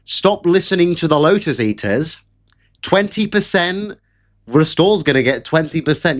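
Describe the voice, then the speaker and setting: A man's voice: fairly high pitch, expressive, unhurried. A man delivering sarcastic, mocking political commentary in a ranting live stream. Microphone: camera setup at home.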